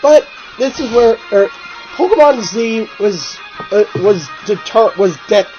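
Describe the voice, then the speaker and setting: A man's voice: high-pitched, animated, a little slow, darkish tone. A man with a stuffy nose and sore throat, sounding nasal, chatting casually as a video co-host and rambling with many restarts and fillers. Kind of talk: casual chat. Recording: slightly dull recording with faint music.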